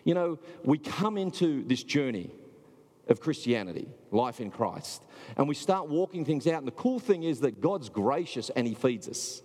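A man's voice: mid-range voice, very animated, moderate pace, dark tone, slightly rough, in a large hall. A man preaching a sermon in a loose, conversational way, with filler words and restarts. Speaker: pastor.

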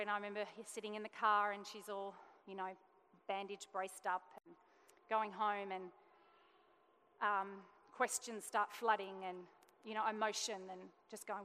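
A woman's voice: mid-range voice, a bit bright, clean tone. A woman giving an earnest, emotional personal testimony as a mother, with frequent restarts. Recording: long reverb in a large hall.

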